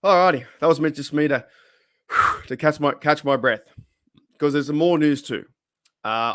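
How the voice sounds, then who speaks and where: A man's voice: mid-range voice, fairly bright tone, no room sound, studio quality. An Australian man hosting a casual live stream, rambling and chatting while reading viewers' comments aloud. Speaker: livestream host.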